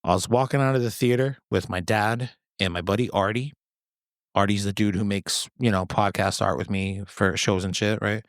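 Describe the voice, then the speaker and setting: A man's voice: fairly even intonation, normal speed, no echo, studio quality. A man in his thirties hosting a podcast, chatting casually in a rambling, profane, jokey way. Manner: rambling, profane, jokey storytelling with sudden high-pitched quoted voices. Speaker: podcast host. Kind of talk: casual solo chat.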